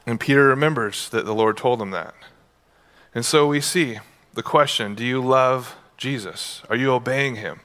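A man's voice: medium pitch, pushed and bright. A male pastor preaching a sermon in a casual, conversational way, with playful asides. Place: church.

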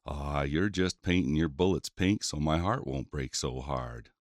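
A flirty, deep-voiced cowboy. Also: male voice, a little slow, dry recording, clean studio sound. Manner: folksy, teasing cowboy talk. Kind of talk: audio drama acting.

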